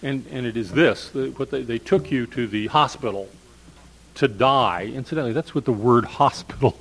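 A man's voice: medium pitch, normal speed, fairly bright tone, poor audio. An older man, a professor of English literature, giving a discursive storytelling lecture with frequent fillers.

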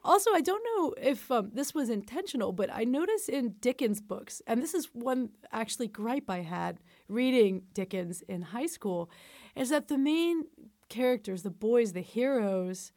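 Woman host, close dry mic, higher voice, warm interview asker. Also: expressive, moderate pace, no echo. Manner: friendly, laughs along, reads summaries. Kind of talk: casual interview.

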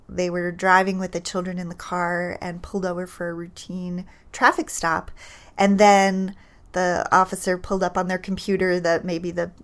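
Speaking in a fairly low voice, a female child psychologist walks through research findings carefully and deliberately, pausing on fillers and restarting sentences.

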